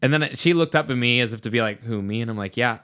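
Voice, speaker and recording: A young man, a stand-up comic, chatting casually as a podcast guest, relaxed and halting, often repeating his words. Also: medium pitch, clean tone, no echo, studio quality.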